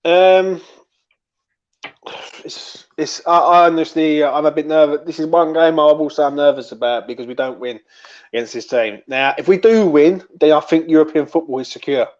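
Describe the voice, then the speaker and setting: A man's voice: fairly high pitch, normal speed, highs cut off. A man speaking as a guest on a casual live fan preview, earnest and rambling, often repeating words as he goes.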